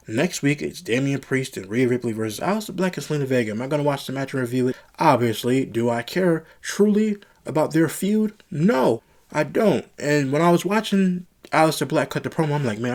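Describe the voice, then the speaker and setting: A man talks through his solo wrestling show review, his pitch sitting at an ordinary middle height. He gets frustrated often and circles back over the same complaints. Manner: frustrated, ranting, repeats himself.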